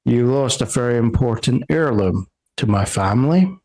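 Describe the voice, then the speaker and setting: A man voicing a cold, commanding noble patron who speaks from the shadows in a measured, disapproving way. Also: medium pitch, expressive, a little mellow, close to an everyday voice.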